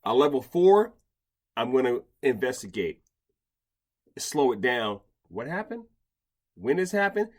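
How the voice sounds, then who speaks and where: A man's voice: mid-range voice, sing-song, a little slow, long pauses. Stammering man in casual chat. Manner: rambling with many restarts and stammers. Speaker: podcast host, dog behavior expert.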